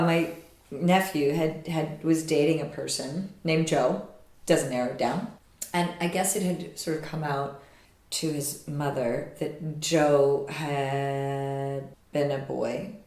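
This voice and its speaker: A woman's voice: low-pitched, slow pace, darkish tone. A woman, co-hosting a casual chat, telling stories in a blunt, wry way. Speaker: podcast co-host. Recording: echoey room.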